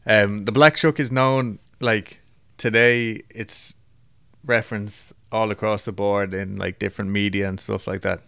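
A man's voice: fairly low pitch, steady tone, a little slow, vocal fry, a bit bright, smooth, no echo, studio quality. A man hosting a podcast in casual chat, who swears freely and laughs at himself. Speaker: podcast host.

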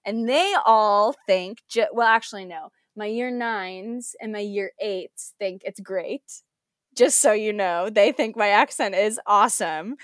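A woman's voice: mid-range voice, unhurried, no room sound. Woman, young adult, American accent, teacher, casual chat, fillers and restarts, dry close sound. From United States. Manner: chatty, many fillers and restarts. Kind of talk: casual conversation.

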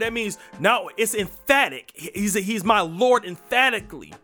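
A man's voice: high-pitched, lively intonation, measured pace, hardly any pauses, pushed and bright, soft background music. A man preaching a sermon with an emphatic, repetitive rallying cadence.

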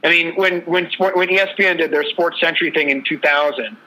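A man's voice: on the high side, a little fast, pushed and bright, poor audio. A man co-hosting a casual sports talk show, telling a sports story in a loose, rambling way. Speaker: podcast co-host.

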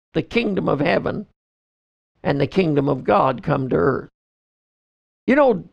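A pastor who also hosts a podcast teaches through a book of the Bible verse by verse. His voice sits high with vocal fry, and he reads scripture in slow, measured phrases.

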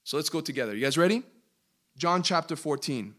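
A man teaching a Bible study as a pastor, emphatic, asking his listeners questions and slowing down to stress key words. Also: fairly high pitch, expressive, fairly bright tone. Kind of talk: interactive sermon teaching.

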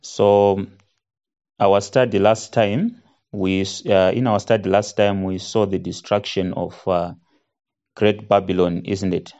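Man, Bible study teacher, slow unhurried delivery, slightly low voice, dull lo-fi recording, many "isn't it?" tags. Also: steady tone, warm tone. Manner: reads scripture aloud with rising emphasis.

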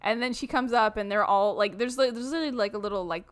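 A woman's voice: mid-range voice, fast, clear, resonant tone. A woman co-hosting a podcast, recapping a movie in casual, jokey chat with some swearing. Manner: animated, swearing, jokey storytelling. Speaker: podcast co-host.

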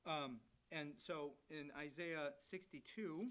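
A man's voice: fairly high pitch, slow pace, fairly bright tone, clean tone, rough recording. Man preaching a sermon. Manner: teaching through scripture, with frequent restarts. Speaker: guest preacher.

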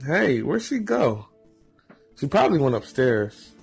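A man voicing an excitable, cocky teenage boy who yells when he is thrilled, with a husky edge to his voice. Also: mid-range voice, a little slow, soft background music, full character voice. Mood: excited. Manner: loud, excited yelling.

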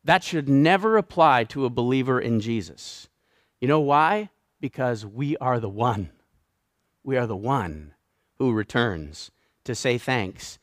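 A man's voice: medium pitch, expressive, a little slow, no echo, studio quality. A Canadian man with a Canadian accent preaching a sermon, emphatic and building his points through repeated phrases. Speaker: pastor.

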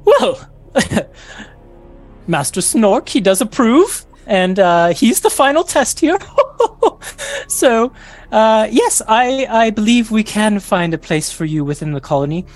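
A regal ant queen with a high, lilting voice, gracious and delighted with everything, as a woman puts her on. She talks like royalty in a tabletop game, pleased and a little giggly. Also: lively intonation, slow pace, a little mellow, faint music behind.

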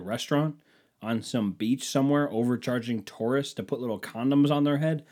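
A man's voice: medium pitch, moderate pace, a little mellow. A man telling stories in a casual monologue, sardonic and profane, mimicking people in mocking voices.

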